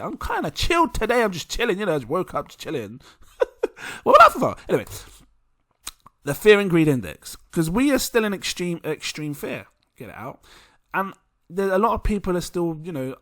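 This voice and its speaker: A man's voice: mid-range voice, no room sound, clean studio sound. A man giving casual market commentary to camera, laid-back and rambling with lots of fillers. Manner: excitable, giggly when reading supporter names. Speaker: crypto channel host.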